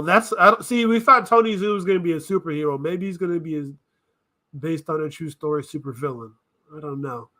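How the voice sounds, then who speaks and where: A man riffing through casual reaction commentary with a voice pitched a little high. He thinks out loud, wanders off track and corrects himself as he goes. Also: a little fast. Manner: rambling, thinking aloud, self-correcting. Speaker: reaction video host.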